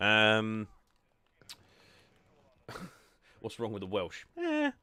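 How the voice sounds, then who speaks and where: Low-voiced dude chatting through a game, rambly and self-deprecating. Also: male voice, wildly swooping pitch, very slow, pushed and bright, clean tone, dry recording. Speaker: gaming channel host. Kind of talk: casual gameplay chat.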